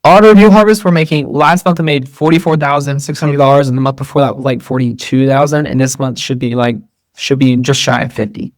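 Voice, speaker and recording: A man's voice: medium pitch, steady tone, brisk, no room sound. A man being interviewed as a guest, talking casually and rambling, with lots of fillers and restarts. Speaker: guest entrepreneur.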